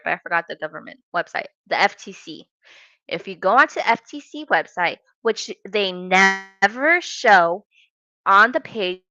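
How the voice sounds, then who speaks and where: A woman reacting to clips with a sassy, mocking, emphatic manner. Her voice is bright and forward, recorded dry with a slightly dull, lo-fi sound. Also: medium pitch, no room sound. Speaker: commentary youtuber. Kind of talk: reaction commentary.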